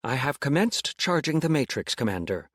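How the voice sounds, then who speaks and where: A man reading a deadpan ship computer. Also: medium pitch, normal speed, slightly rough, no room sound, clean studio sound. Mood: urgent. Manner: deadpan with a touch of urgency. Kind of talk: audiobook character voice.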